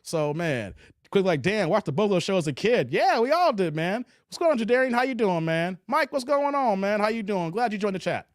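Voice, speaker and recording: A man from hosts a casual live stream. He answers chat messages in a relaxed drawl, and his voice sits rather high. The sound is close and dry, with no room echo. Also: brisk. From Chicago. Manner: laid-back, drawling, trails off quietly at phrase ends. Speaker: livestream host reading chat.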